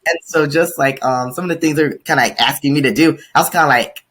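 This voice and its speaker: A man's voice: a little high, fast, a bit bright, husky. A young man, a student teacher co-hosting a podcast, chatting in a rambling way with lots of fillers and big swoops up for quoted lines. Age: young adult. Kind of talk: casual podcast chat.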